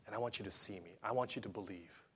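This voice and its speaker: A gentle, patient Jesus, as a preacher acts him out in a man's voice. He speaks quietly and earnestly at a slow, tender pace, pitched slightly low. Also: husky.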